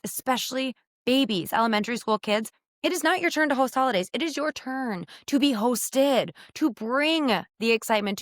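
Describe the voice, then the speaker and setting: A woman in her thirties hosting a casual solo podcast from her bed, talking candidly and animatedly with quick asides into a podcast microphone. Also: a little high, a bit bright, dry recording, studio quality. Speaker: podcast host. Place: her bedroom, sitting on her bed.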